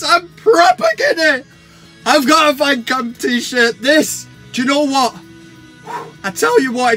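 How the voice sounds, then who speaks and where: A young man with a very high, bright, sharp voice hosts a fan vlog, giddy and shouting while swearing freely. Faint music plays behind him.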